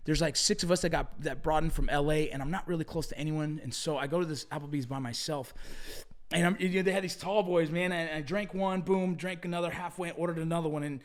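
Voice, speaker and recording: A middle-aged man tells rowdy stories from his past in a casual, profane, animated way. He talks fast, with a slightly high voice. His talk is loose and full of slang. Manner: profane, animated storytelling with slang like bro and dog. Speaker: podcast guest. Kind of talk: casual storytelling conversation.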